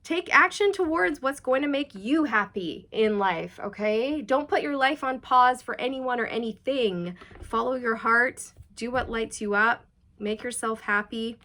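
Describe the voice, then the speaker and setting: A woman's voice: on the high side, a little slow. Chatty woman giving a tarot reading. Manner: chatty, animated, reassuring. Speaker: tarot reader. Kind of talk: channeled tarot reading to camera.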